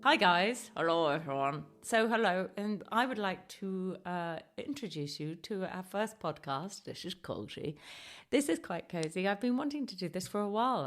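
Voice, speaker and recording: A woman in her fifties with a low voice and a gravelly texture. She talks in a chatty, self-deprecating way as a podcast host. The tone is casual comedic conversation. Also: normal speed. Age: 50s.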